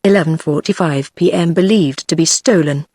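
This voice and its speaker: A woman's voice: low-pitched, normal speed, darkish tone, slightly rough, no room sound, studio quality. A text-to-speech woman's voice with a British English accent, reading the lines of a big police constable who speaks in a stiff, official way.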